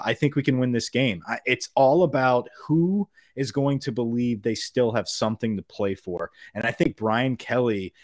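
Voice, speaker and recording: A man's voice: medium pitch, dry recording, clean studio sound. A man co-hosting a podcast, chatting casually about college football, loose and laughing, with the odd swear. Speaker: podcast co-host. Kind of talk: casual sports chat. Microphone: studio podcast mic.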